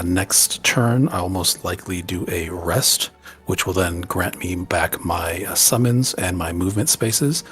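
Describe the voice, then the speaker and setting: A man playing a tabletop board game, laying out his plan steadily with many pauses. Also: low-pitched, fairly bright tone. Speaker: player.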